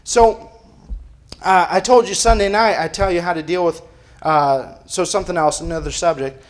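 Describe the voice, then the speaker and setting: A man's voice: sits high, moderate pace. A man preaching a sermon as pastor, emphatic and firing off rhetorical questions. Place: church.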